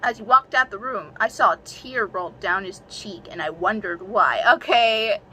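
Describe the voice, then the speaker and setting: A young woman reads her own childhood story aloud at an unhurried pace, stumbling and restarting, and keeps breaking off for self-mocking, giggly asides. Her voice is bright and sits a little high. A faint noise hangs behind her. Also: big pitch swings, rough recording.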